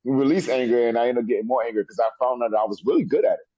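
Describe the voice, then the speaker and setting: A middle-aged man, a wrestler guest in an interview, telling animated stories and laughing often. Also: mid-range voice, rapid-fire, dry recording. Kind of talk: storytelling interview. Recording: dull lo-fi sound.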